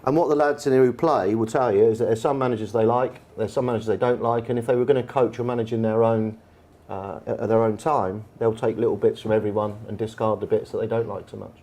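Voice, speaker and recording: A low-pitched Englishman chatting on stage in a bar, spinning anecdotes with lots of ums and you-knows. His voice is mellow and relaxed, the delivery unhurried and conversational. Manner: chatty, anecdotal, with frequent fillers. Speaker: football manager and guest speaker. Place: bar event room with an audience.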